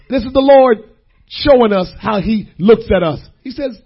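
A man preaching a sermon, dropping to a hush and then rising to shouts, repeating phrases for weight. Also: extremely high pitch, lively intonation, fairly quick, husky, muffled recording. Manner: swings between hushed and shouting, repeats phrases.

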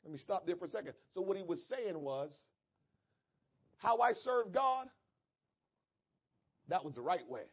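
A male preacher delivering a sermon, swinging from quiet asides to shouted climaxes and reading scripture in a measured cadence. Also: on the high side, sing-song, breathy edge, dull audio.

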